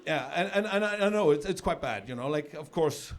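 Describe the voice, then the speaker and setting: A middle-aged man from South Africa doing a stand-up comedy set on stage, chatty and loose, with sudden shouted punchlines. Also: a little high, lively intonation, brisk. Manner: conversational, with filler repeats and sudden shouted punchlines. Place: comedy stage with a live audience. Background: audience laughter.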